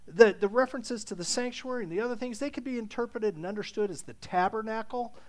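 A man's voice: high voice, quick pace. A man preaching a sermon in a conversational way, stumbling and repeating words as he thinks aloud, then reading scripture with rising intensity. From Irish ancestry. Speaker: pastor.

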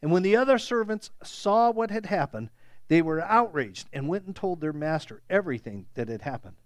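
A pastor preaching a sermon, emphatic and animated, repeating words for stress. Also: male voice, on the high side, moderate pace, no echo.

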